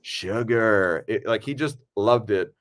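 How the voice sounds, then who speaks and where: Male podcast host, casual chat, lively storyteller who voices his quotes; even, middle pitch. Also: moderate pace. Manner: animated storyteller, acts out quotes. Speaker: podcast host and film director.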